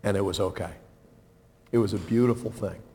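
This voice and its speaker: A man preaching a sermon in an expressive, conversational way, dropping to soft low lines and rising to loud emphatic peaks, often asking the congregation questions. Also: fairly quick. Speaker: pastor.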